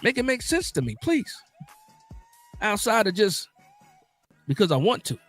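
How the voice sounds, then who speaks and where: A man hosting a casual live sports talk stream, animated and emphatic, often repeating himself for emphasis. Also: sits high, unhurried, soft background music.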